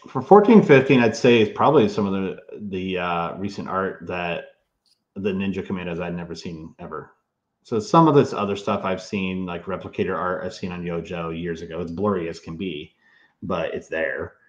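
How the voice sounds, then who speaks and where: A man with a very low voice, talking as a guest expert in a loose, rambling way with frequent ums. His audio sounds roomy and a bit muffled, as if it came through a remote call. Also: normal speed. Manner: rambling, many fillers and restarts. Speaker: toy historian and author, guest. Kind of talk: casual interview talk.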